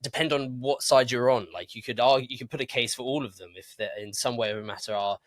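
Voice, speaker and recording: A man's voice: mid-range voice, steady tone, fast talker, no echo. A man co-hosting a history podcast, thinking aloud in casual chat. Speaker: podcast co-host.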